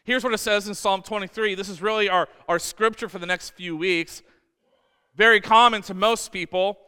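A man's voice: high-pitched, steady tone, normal speed, bright, forceful tone, smooth. Emphatic male pastor in a church hall. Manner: emphatic, repeats words, acts out voices in quotes. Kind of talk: sermon.

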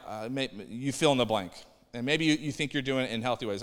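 A man preaches in an easygoing, conversational way, now and then dropping into the voices of people he quotes. His voice sits at an ordinary middle pitch. The sound has the long reverb of a large church hall. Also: quick pace, a bit bright. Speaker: pastor. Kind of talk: sermon. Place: church sanctuary.

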